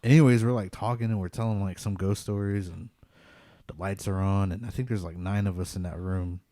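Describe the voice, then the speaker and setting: A man with a low, warm voice tells a personal ghost story in a casual, rambling way, leaning on "like" again and again. He is a podcast host in casual conversation. The recording is dry and close. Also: brisk, no echo. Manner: relaxed, rambling, many "like" fillers.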